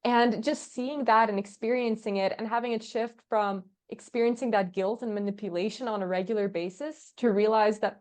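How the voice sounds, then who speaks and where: Animated woman telling workplace stories. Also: medium pitch, a little fast, few pauses. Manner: animated storyteller, acts out quoted dialogue, laughs often. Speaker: podcast guest, agency founder. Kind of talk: casual interview chat.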